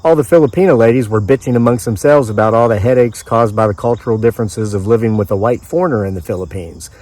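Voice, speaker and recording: A man's voice: on the low side, fast talker, darkish tone. A man from the mid-Atlantic United States reading his own story aloud outdoors in the woods, in a dry, conversational storyteller's manner with offhand asides.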